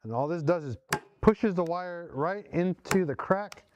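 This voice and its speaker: A man's voice: high-pitched, animated, measured pace, muffled recording, background noise. A man hosting a casual workshop vlog from his home garage shop, talking viewers through each step as he works. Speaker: host.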